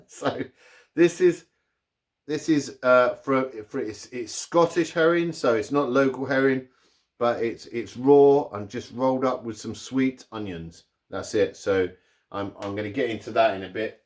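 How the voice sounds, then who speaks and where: A man's voice: medium pitch, moderate pace, far from the mic. A man hosting his own cooking channel, talking to camera in a chatty, rambling way with jokey asides. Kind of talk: casual cooking vlog.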